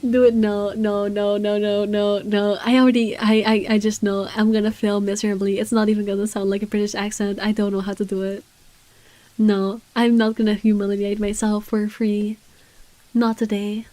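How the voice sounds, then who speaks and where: A woman's voice: mid-range voice, level tone, normal speed, warm tone. A woman streamer giving casual gaming commentary, rambling, self-deprecating and flustered.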